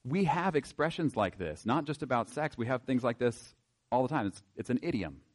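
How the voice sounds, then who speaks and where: A man giving a casual, wry Bible teaching to a group, often pausing on filler words and reading passages aloud. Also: medium pitch, expressive.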